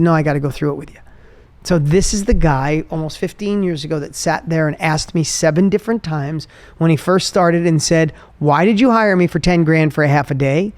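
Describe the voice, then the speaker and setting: A man hosting a podcast, telling a personal motivational story with energy, his voice dropping low and soft when he turns emotional. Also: no room sound. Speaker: podcast host.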